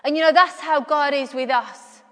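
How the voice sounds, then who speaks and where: A woman's voice: high-pitched, normal speed, a bit bright. A woman preaching a sermon, earnest and repeating key phrases for emphasis. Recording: long hall reverb.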